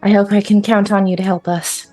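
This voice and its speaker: A woman's voice: medium pitch, little pitch movement, a little fast, a little mellow, soft background music. A woman playing her character in a tabletop game, speaking directly and friendly. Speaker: player.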